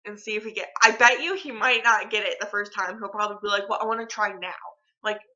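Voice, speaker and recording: A woman's voice: mid-range voice, fairly even intonation, quick pace, bright, forceful tone, dull audio. A young woman vlogging at home, chatting casually and rambling with lots of filler words. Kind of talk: casual chat to camera. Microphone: phone camera.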